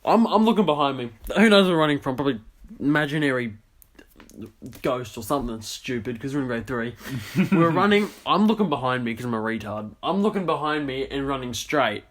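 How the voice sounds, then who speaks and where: A man's voice: medium pitch, animated, fairly quick. Laughing guy telling school stories. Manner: laughing often, joking and self-mocking. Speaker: podcast co-host. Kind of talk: casual storytelling chat.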